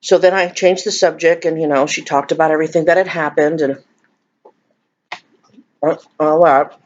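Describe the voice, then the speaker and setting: A woman's voice: sits low, steady tone, normal speed, dull audio. A woman, chatting casually and emotionally in a rambling, confiding vlog while eating. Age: 50s. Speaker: vlogger.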